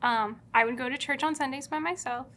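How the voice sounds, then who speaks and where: A woman's voice: sits high, brisk, a bit bright. A young woman from California telling the story of her engagement in a studio, bubbly and giggly, acting out her own and her partner's words. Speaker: bride-to-be telling their love story. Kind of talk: casual storytelling on camera. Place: video studio.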